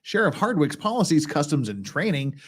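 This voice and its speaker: Speaking briskly in a fairly high voice with big swings in pitch, this American host runs a laid-back livestream on legal cases. He reads out documents and rambles through blunt, wry commentary.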